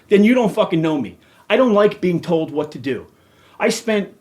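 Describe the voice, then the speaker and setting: A man's voice: high-pitched, darkish tone. A middle-aged man hosting a podcast, ranting angrily and cursing heavily. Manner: profane, heated, emphatic. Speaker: podcast host. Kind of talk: angry rant.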